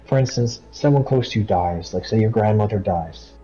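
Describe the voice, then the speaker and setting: A man hosting a casual Bible study, arguing his points emphatically and reading verses aloud slowly. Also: fairly low pitch, dark tone, lo-fi sound, soft background music. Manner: emphatic, talks over the other speaker, reads verses slowly. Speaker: host leading a Bible study.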